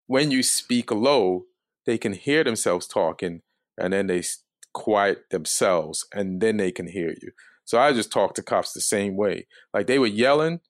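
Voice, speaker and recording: A man with a low voice tells a story casually. His delivery is calm and mostly monotone, and the sound is dry and close. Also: moderate pace, dry recording. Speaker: comedian guest.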